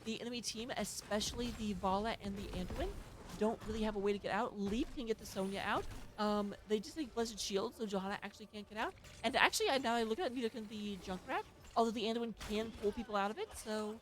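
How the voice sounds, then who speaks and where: A woman with a Southern US accent casting an esports match, rattling off stats and filling pauses. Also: mid-range voice. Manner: rapid, filling dead air with stats. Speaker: esports caster. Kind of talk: play-by-play esports commentary.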